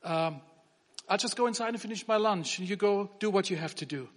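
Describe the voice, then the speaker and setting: A man's voice: sits high, fairly quick. A man playing a flustered old farmer in a joke told during a sermon. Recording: long reverb of a hall.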